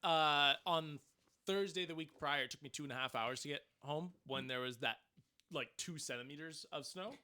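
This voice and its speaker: A man co-hosting a casual podcast chat on a studio mic, excitable and quick to chime in. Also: on the high side, smooth. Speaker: podcast co-host.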